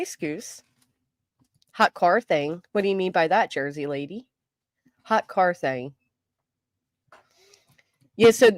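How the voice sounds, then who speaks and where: A middle-aged woman hosting a live stream, chatting casually with viewers, greeting them by name, and talking fast and loud. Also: lowish voice, no room sound, studio quality. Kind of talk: casual live chat, reading comments.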